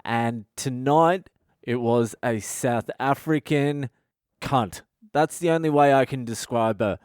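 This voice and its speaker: A man rants through a story in a blunt, swearing, casual monologue. His voice is smooth and resonant, and the recording is close and dry with no room sound. He talks like a podcast host just letting it all out. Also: mid-range voice, takes it slowly, darkish tone, no room sound. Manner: foul-mouthed, blunt, ranting.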